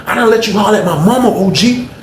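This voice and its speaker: An agitated young street guy, pushy and insistent, his voice pitched well above a man's usual range, as a storyteller puts him on. He presses every line and keeps repeating "man." The room echoes around him over a faint hum. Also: fast talker, close to an everyday voice. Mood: pleading.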